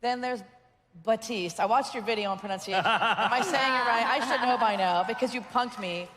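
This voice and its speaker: A woman's voice: a little high, fairly quick, fairly bright tone. A woman voice director chatting on a panel, talkative and laughing often. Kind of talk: panel conversation. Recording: echoey hall.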